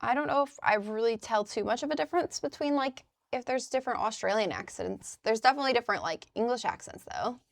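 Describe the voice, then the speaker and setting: With a slightly high voice full of big pitch swings, she talks quickly and barely pauses. She's a young Midwestern streamer chatting and casually swearing with her live chat at an indoor crafting desk, captured in studio quality with no room sound.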